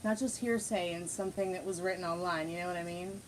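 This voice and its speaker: A woman's voice: on the low side, steady tone, fast, few pauses, noisy background. A woman hosting a casual livestream chat at home, greeting viewers and rambling with many fillers and restarts. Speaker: livestream host.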